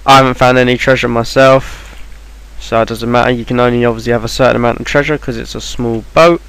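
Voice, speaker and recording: A man's voice: mid-range voice, steady tone, fast talker, a bit bright, smooth, rough recording. A man talking through a game walkthrough in an offhand, rambling way, with plenty of ums and restarts. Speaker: game guide maker. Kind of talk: casual game walkthrough voice-over.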